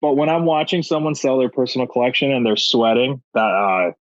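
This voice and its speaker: A man chatting as a podcast guest, telling animated, joking stories. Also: medium pitch, fairly quick, no room sound. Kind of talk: casual chat. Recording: dull lo-fi dry sound.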